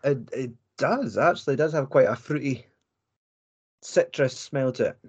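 Husky man, understated. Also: mid-range voice, moderate pace, darkish tone, dull audio. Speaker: podcast co-host. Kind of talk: casual beer-tasting podcast chat.

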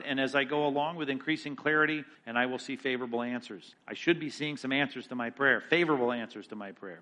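A man, a pastor, teaching a Bible study in a lively sermon style, reading Scripture aloud with rising emphasis and tossing in quick asides. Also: mid-range voice.

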